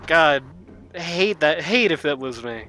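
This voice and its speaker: High, bright-voiced male game caster. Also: animated, slow, poor audio. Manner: joking, chatty, rambling. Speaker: esports caster. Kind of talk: casual game commentary.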